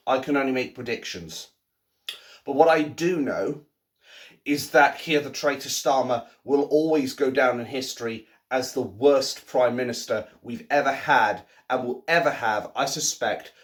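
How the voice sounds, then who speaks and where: A man in his thirties talking at home in a casual ranting monologue, swinging between low muttering and loud outbursts. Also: a little slow. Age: 30s. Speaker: vlogger. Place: at home, by the sink.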